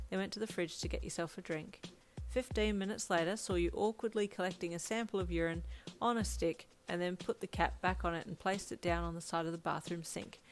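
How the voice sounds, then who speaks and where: A woman narrating a fan story in the second person, with gentle, even storytelling. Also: lowish voice. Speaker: fanfiction narrator. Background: lo-fi drum loop.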